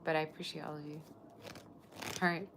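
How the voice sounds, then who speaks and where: A woman's voice: sits low, level tone, a little fast, noisy background. A woman reading tarot on a live stream, gushing over her viewers and chatting loosely between cards. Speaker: tarot reader.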